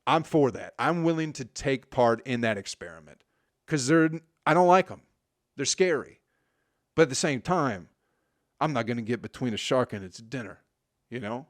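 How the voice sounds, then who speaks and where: A man's voice: medium pitch, expressive, moderate pace, no room sound, clean studio sound. A man in his forties from Michigan, hosting a solo podcast in a crude, profane, rambling monologue that trails off into mumbles. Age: 40s. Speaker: podcast host.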